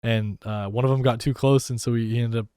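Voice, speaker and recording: A young co-host chats casually on a radio podcast, laughing along and cutting in with quick remarks. The voice sits at a middle pitch, and the sound is dry and close. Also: fairly even intonation, dark tone, smooth, dry recording. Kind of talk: casual chat.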